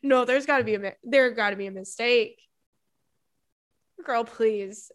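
A woman's voice: fairly high pitch, measured pace, dry recording, clean studio sound. A woman hosting an advice podcast, reading listener letters and reacting with frequent laughter, swearing and dramatic apologies. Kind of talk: casual advice podcast chat.

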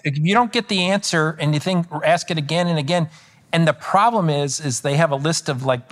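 In a conversational podcast interview, a political commentator guest talks at medium pitch. He tends to ramble, often restarting and correcting himself, and becomes animated when describing exchanges.

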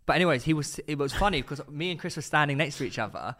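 A young man co-hosting a podcast, telling stories in an excitable, casual way with lots of restarts. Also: fairly high pitch. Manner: fast, excitable storyteller with frequent restarts and laughs. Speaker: podcast co-host. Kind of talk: casual chat.

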